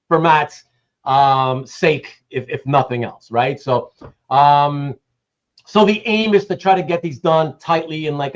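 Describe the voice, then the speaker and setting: Heard through a muffled recording, a Canadian livestream host with a fairly high voice rambles casually. He calls out chat viewers by name and drops some casual swearing.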